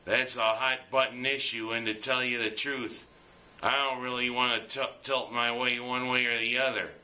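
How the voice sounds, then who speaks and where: A man's voice: medium pitch, little pitch movement, pushed and bright. A man giving plainspoken, earnest weekly commentary from a script. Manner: plainspoken, earnest, slow and deliberate. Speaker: local sports and opinion commentator.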